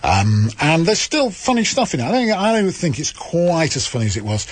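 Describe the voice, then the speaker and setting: A middle-aged man hosting a radio talk show, with dry, self-mocking banter and a husky voice. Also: a little high, very animated, moderate pace, dry recording. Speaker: radio host.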